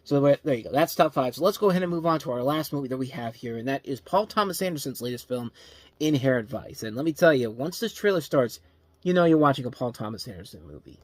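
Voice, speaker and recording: A man's voice: medium pitch, lively intonation, fast talker, dry recording. A man hosting a movie review show, talking casually and rambling, often restarting his sentences. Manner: rambling, self-correcting, enthusiastic.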